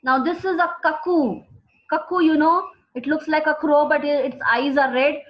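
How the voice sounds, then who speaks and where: Brief: woman teaching a class, high voice, patient repetition, dull lo-fi sound. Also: steady tone. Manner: slow, repeating key words for students. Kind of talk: classroom vocabulary lesson. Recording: dull lo-fi recording.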